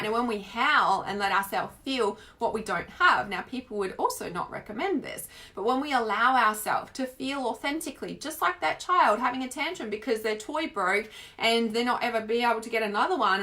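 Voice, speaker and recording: With a fairly high pitch, an Australian woman delivers a spiritual teaching talk in a casual, chatty way. She's expressive and uses lots of filler words.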